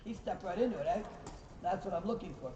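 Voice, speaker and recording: A man with a high, mellow voice teaches a riding lesson, praising the horses and calling corrections to the riders. He sounds distant in a reverberant arena. The recording is dull and slightly noisy. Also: fast talker. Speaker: riding instructor. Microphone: recorder far from the speaker.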